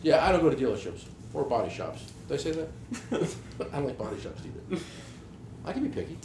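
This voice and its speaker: Animated, profane man telling stories. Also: mid-range voice, fast talker. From New Jersey. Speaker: podcast host, tool dealer. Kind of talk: casual podcast chat. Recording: roomy echo, faint background hiss.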